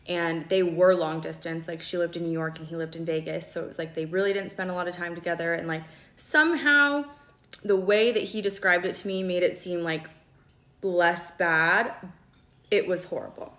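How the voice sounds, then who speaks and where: A woman's voice: on the low side, fairly even intonation, fairly bright tone. A woman in her late twenties telling a personal story in a casual, candid way, often checking in with her listeners and swearing freely. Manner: candid and quick, with frequent "okay?" check-ins and swearing. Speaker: storyteller vlogger. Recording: roomy echo.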